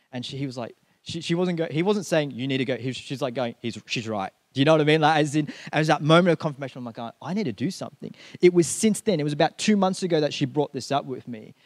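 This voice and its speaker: A male pastor with a high-pitched voice delivers a chatty sermon, heavy with fillers and quick restarts. The sound is close and dry, with no room echo. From India. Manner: conversational, with frequent fillers like "like, as in".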